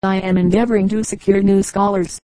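A woman voicing a bright, eager young female church volunteer in a read-aloud joke book. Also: mid-range voice, level tone, fairly quick, dry recording, natural voice. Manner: eager, polite.

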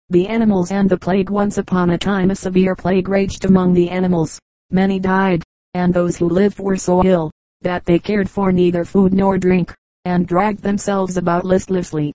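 A woman narrating an audiobook of animal fables in a measured, even storytelling manner. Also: on the low side, no room sound, rough recording.

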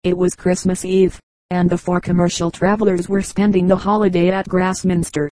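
Woman audiobook narrator, mellow tone, measured, dry close mic. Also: lowish voice, flat delivery, no echo, rough recording. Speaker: audiobook reader. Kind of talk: scripted narration.

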